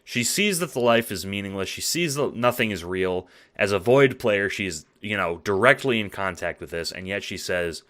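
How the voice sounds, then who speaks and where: A man's voice: lowish voice, animated, moderate pace, few pauses, a bit bright. A man talking through a spoken essay late at night, tired and yawning, conversational and profane with lots of fillers and "right?". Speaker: video essayist.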